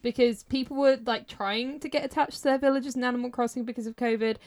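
A woman's voice: on the high side, steady tone, fast, a little mellow. A woman chatting casually on a group podcast, rambling with lots of fillers. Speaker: podcast panelist.

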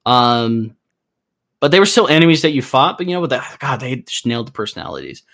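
Male co-host, average pitch, laid-back and jokey in casual chat. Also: lively intonation, brisk, vocal fry, fairly bright tone. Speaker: podcast co-host.

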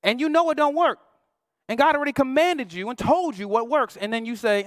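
A man's voice: very high voice, fairly quick, a bit bright, dry recording, clean studio sound. A male pastor preaching a sermon in a playful, slangy, conversational way, acting out quoted voices.

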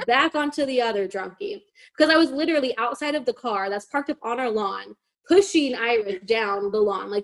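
A young woman hosting a podcast, telling a long story in casual chat, animated, swearing, and saying "like" constantly. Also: fairly high pitch, a little fast. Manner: animated, swearing, heavy use of "like". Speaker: podcast host.

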